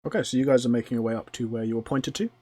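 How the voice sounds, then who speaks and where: Husky-voiced man narrating as game master. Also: mid-range voice, fairly even intonation, racing, darkish tone. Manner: descriptive, many ums.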